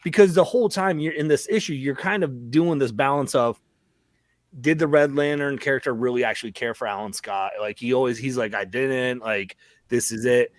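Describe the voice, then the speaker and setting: A man's voice: mid-range voice, fairly quick, no echo. A man talking casually on a live-streamed panel, rambling with lots of fillers.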